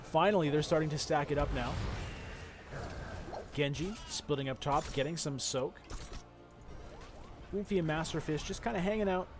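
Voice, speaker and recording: A man's voice: on the high side, moderate pace, long pauses, over music. A man casting an esports match play-by-play, with chatty, joking asides to the viewers. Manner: jokey, chatty asides to the chat. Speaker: esports caster. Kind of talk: play-by-play game commentary.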